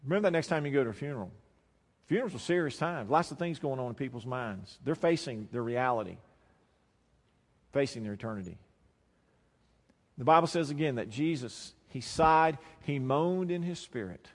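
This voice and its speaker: A man preaching a sermon, swinging between quiet, low passages and loud, emphatic lines. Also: animated, moderate pace. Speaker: pastor. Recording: long hall reverb.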